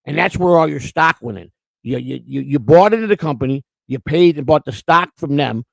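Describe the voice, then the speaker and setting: Gravelly, rambling man telling stories. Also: fairly high pitch, lively intonation, fairly quick, dry recording, poor audio. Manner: rambling storyteller, repeats words. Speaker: co-host. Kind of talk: casual livestream chat.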